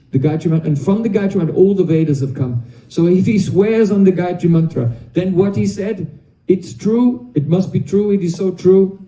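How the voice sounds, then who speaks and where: Male spiritual teacher telling a sacred story, high voice, very dark tone, animated delivery; roomy, off-mic sound. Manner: animated, acts out quoted dialogue, chuckles. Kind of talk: devotional storytelling lecture. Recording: echoey room, mic at a distance.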